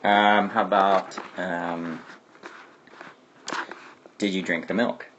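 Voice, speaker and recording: A man's voice: deep voice, little pitch movement, slow pace, a bit bright, muffled recording, slight background noise. A man teaching a Spanish grammar lesson who explains patiently and keeps asking "okay?" to check understanding.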